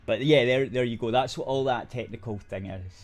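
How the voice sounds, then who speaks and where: A man's voice: mid-range voice, brisk. Swearing man in casual podcast chat. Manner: swears freely, interjects corrections. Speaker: podcast co-host.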